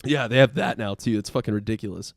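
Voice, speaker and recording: A man's voice: fairly low pitch, quick pace, vocal fry, no room sound, studio quality. A young man in casual podcast banter, telling rowdy stories with lots of swearing. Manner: profane, animated storyteller. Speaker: podcast co-host.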